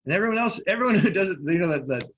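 A man's voice: high voice, rapid-fire, dull audio, a crowd in the background. A man co-hosting a podcast, chatting casually and acting out both sides of a hypnosis session as he retells it. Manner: animated storytelling, acting out both sides of a conversation. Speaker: podcast co-host and hypnosis coach. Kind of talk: casual chat.

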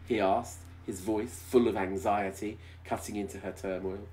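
A man's voice: lowish voice, fairly even intonation, normal speed, darkish tone. A man reading a romance story aloud in a mock-dramatic way, breaking off for teasing, sarcastic comments. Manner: wry, teasing. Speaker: video host reading aloud.

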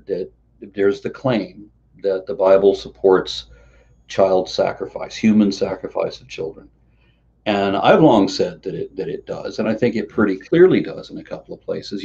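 A man hosts a relaxed conversation in a rather low voice, drifting through long stories and stumbling over repeated words. The recording sounds a bit muffled and lo-fi. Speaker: host. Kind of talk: casual conversational interview.

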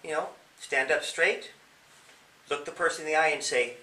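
In an echoey room with a distant mic, a male police officer speaks at normal speed in a voice on the high side with a sharp tone. He's being interviewed and offers young people advice, posing questions and acting out examples to make his points.

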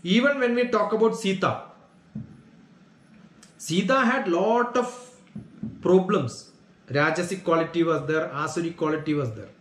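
A man's voice: high voice, a little slow, pauses often, fairly bright tone, echoey room. A man teaching as a spiritual teacher, answering questions earnestly and checking in with his listeners as he explains. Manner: earnest, explanatory, asks "Got it?" to check understanding.

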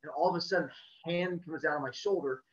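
A man casually telling a personal story, acting out the people in it with lively energy. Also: a little high, a little fast. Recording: roomy, distant, muffled video-call audio.

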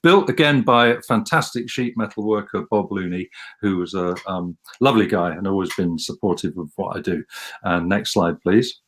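A man from England with a somewhat low voice talks casually over slides on a video call. He rambles, repeats words and pokes fun at himself as he goes. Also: moderate pace, fairly bright tone. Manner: rambling, repeats words, self-deprecating humor. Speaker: guest musician giving a slide talk.

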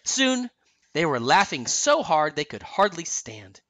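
A man narrating a children's storybook aloud in an expressive, sing-song way. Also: fairly high pitch, a little slow. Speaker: storyteller dad.

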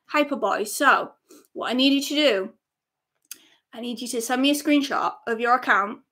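A woman hosting a live giveaway stream, chatting excitedly and reading out viewer comments. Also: high-pitched. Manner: excitable, gushing, reads chat comments aloud. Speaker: music channel host.

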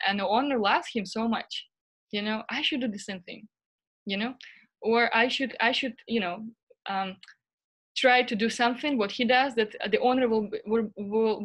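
A woman's voice: medium pitch, fairly bright tone. A woman giving an online lecture, telling a story animatedly and tagging nearly every phrase with "right?" and "you know". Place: online stream.

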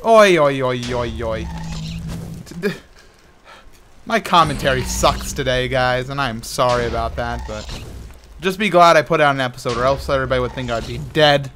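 A young man doing casual, rambling gameplay commentary as a gaming YouTuber, frustrated and sometimes yelling at the game. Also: medium pitch, brisk, a little hiss or hum.

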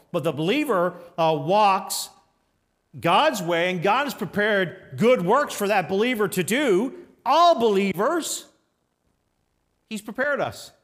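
Male pastor, high-pitched, preaching emphatically in a church. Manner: emphatic, swings between raised exhortation and quiet storytelling. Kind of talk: sermon. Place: church sanctuary.

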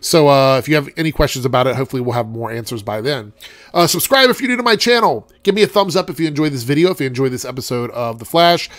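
A man's voice: mid-range voice, animated, fast, a bit bright, dry recording. A young man with a congested voice giving a rambling, chatty TV episode review as host of his show. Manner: rambling, chatty, frequent ums.

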